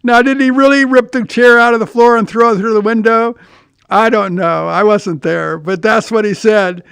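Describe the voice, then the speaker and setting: An older man hosts his own podcast, spinning loose, rambling stories full of restarts and the odd curse. His voice sits high and comes across smooth and clear. The recording is dry and close, with no room sound. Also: steady tone, normal speed, a bit bright, dry recording. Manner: rambling anecdotes with restarts and profanity. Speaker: podcast host. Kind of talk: casual storytelling monologue.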